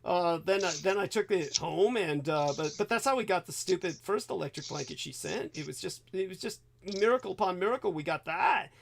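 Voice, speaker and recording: High-pitched man, livestream host, casual chat, rambling, profane, animated. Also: a little fast, vocal fry, few pauses, a little hiss or hum. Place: home.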